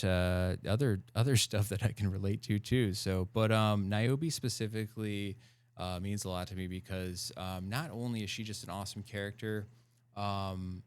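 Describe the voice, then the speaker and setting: A man with a low, smooth, resonant voice chats as a podcast guest. He talks in an animated, loose way with plenty of fillers and laughter, and sounds dry and close to the mic. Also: no echo. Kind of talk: casual interview chat.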